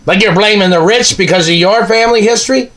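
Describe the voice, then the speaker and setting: A man's voice: high-pitched, fast, a bit bright. A man delivering an angry, accusing monologue, ranting and firing off repeated questions.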